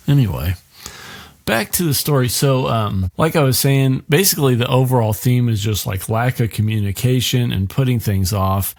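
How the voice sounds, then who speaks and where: A man's voice: mid-range voice, no room sound. A man hosting a podcast, casually recapping a book with a lot of swearing and jokes. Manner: profane, joking, rambling. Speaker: podcast host.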